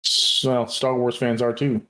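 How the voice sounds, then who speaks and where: Earnest, halting podcast co-host. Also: male voice, mid-range voice, little pitch movement, pushed and bright. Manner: earnest, hesitant, many restarts. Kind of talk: casual chat.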